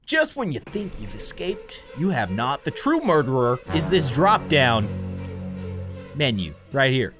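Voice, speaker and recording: A man giving jokey let's-play commentary, swinging between shrieks and deadpan asides. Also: mid-range voice, unhurried, soft background music. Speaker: gaming YouTuber.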